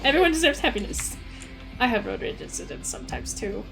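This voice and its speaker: Young woman streamer rambling while she plays, high voice, very lively, mutters then squeals. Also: quick pace, gravelly, faint music behind. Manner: chatty, swings from mumbled asides to loud squeals. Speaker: livestreamer. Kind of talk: casual gaming stream chat.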